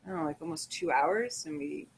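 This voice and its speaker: A woman's voice: low-pitched, expressive, brisk, breathy edge, poor audio. A woman co-hosting a casual podcast from home, chatty and upbeat. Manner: chatty and upbeat, laughing easily. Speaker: podcast co-host. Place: home by the fire.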